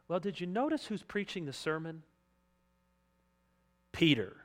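A man preaching a sermon as pastor, impassioned and dramatic, swinging between loud urgency and quiet pleading. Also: on the high side, sing-song, a little slow, long pauses. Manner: impassioned, acts out quoted voices.

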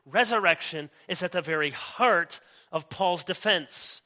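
A man preaching an expository sermon as pastor, reading scripture aloud and stressing key words with emphatic, slowed delivery. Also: a little high, sharp tone. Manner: reads scripture aloud with rising intensity.

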